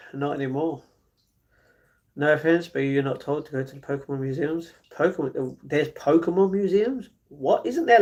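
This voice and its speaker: A man live streaming, chatting casually and reading viewer comments aloud, often laughing. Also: medium pitch.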